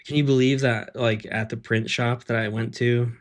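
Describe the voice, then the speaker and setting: A man's voice: medium pitch, fairly even intonation, normal speed. A man in his thirties, an artist on a live stream, rambling casually with lots of fillers and self-deprecating asides.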